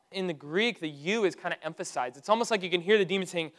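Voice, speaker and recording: A male pastor preaching a sermon in a conversational, animated way, with sudden loud outbursts. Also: high voice, fast talker, hardly any pauses.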